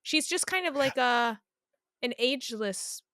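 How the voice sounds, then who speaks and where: A woman co-hosting a podcast in casual chat, lively and thinking aloud. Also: sits high, unhurried, clean tone, no echo, studio quality. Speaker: podcast co-host.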